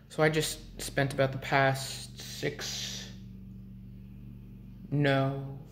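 Young guy chatting to the camera, slow and rambly, keeps restarting, mid pitch. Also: little pitch movement, a little hiss or hum. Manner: rambling, restarts a lot, clears throat often. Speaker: vlogger. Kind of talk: casual vlog chat.

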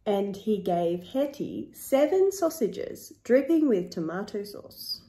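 Slow, expressive woman reading a picture book. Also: medium pitch. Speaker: storyteller. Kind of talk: children's picture book read-aloud. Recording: echoey room.

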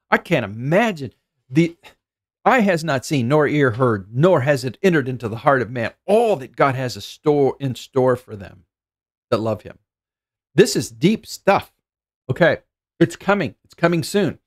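A middle-aged man preaching a sermon as pastor, earnest and thinking aloud, often repeating words as he goes. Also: medium pitch.

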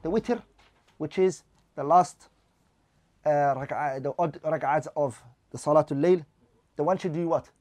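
A man's voice: on the high side, measured pace, long pauses, darkish tone, no echo. A man teaching a religious class, reading lines of Arabic text and then explaining them in English while putting questions to his listeners.

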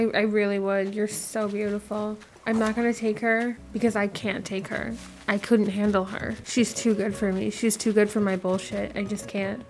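A woman's voice: mid-range voice, a little mellow. A young woman giving casual game commentary, blunt and dramatic, with frequent swearing. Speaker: gaming vlogger. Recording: faint music behind.

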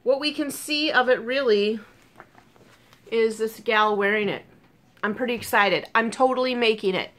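Woman, casual crafting vlog, excitable, gushing, lots of ums, sore tongue, bright tone. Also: on the high side, moderate pace. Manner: chatty and gushing, with frequent ums and excited asides. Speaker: crochet vlogger. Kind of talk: casual chat.

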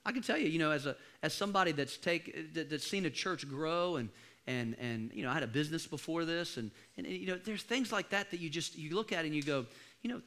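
A pastor preaching a sermon, rousing the congregation to call back and dropping to quiet, confiding asides between loud rallying lines. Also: male voice, on the high side, animated, fast talker. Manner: exhorting, call-and-response with the congregation. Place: church service.

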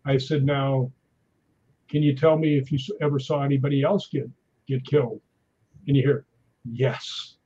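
A man's voice: mid-range voice, moderate pace, long pauses, muffled recording. A man telling ghost-hunting stories in casual chat, acting out what people said. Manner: animated anecdotes with acted-out quotes. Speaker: guest.

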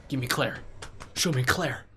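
A man reacting casually to game trailers, profane, excitable and joking. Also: medium pitch, measured pace. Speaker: gaming video reactor. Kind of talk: casual live reaction commentary.

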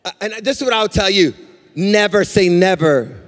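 A man pastor preaching a live sermon in a church, animated, with a sing-song cadence and acted-out quotes. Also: high-pitched, normal speed, big-room sound. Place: church sanctuary.

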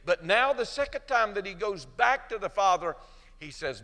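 In a large hall, a middle-aged pastor preaches a sermon, swinging from loud, emphatic peaks to soft pleading before leading an altar-call prayer. His voice is high-pitched and animated, at a moderate pace.

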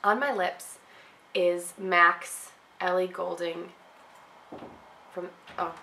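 A woman vlogging casually from her home office, rambling and digressing, her voice deep and nasal from a cold. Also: fairly even intonation, takes it slowly, vocal fry, sharp tone, a little hiss or hum, poor audio. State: congested from a cold. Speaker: blogger. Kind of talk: casual rambling vlog chat. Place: home office with windows open.

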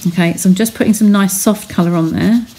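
A woman's voice: medium pitch, fairly even intonation, fast talker, dark tone, a little hiss or hum. A woman chatting as she talks viewers through a craft technique step by step on a live stream from her home studio. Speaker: craft demonstrator.

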